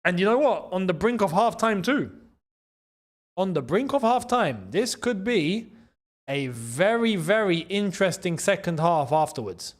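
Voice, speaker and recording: A man with a high voice for a man hosts a live football watchalong on a streaming mic. He is excitable and loose, repeats his phrases and breaks into laughter between calls. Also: measured pace. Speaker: host.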